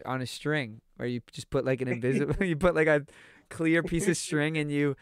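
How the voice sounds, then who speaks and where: A young man with a fairly high, crisp voice rattles through a funny story, packing in fillers and hamming up the quotes. He sounds close and dry, with no room around him. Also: moderate pace, dry recording. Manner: animated, full of "like", acts out quotes and laughs while telling. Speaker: streamer telling a story. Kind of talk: casual storytelling with a friend.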